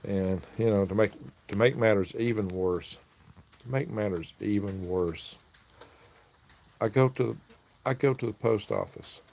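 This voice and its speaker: A man's voice: on the low side, unhurried, creaky, pauses often, darkish tone, slight background noise. A man hosting a casual livestream, telling a rambling, aggrieved story. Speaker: livestream host selling worms.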